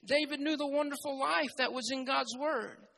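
A preacher delivering a sermon, repeating key phrases and building to loud, emphatic passages. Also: high-pitched, moderate pace, vocal fry, rough recording.

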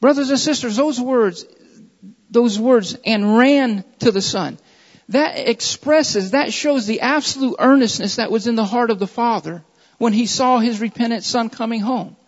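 A man's voice: very high voice, moderate pace. A man preaching a sermon with an emphatic, repetitive cadence, building his points through repeated phrases. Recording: dull audio with long hall reverb.

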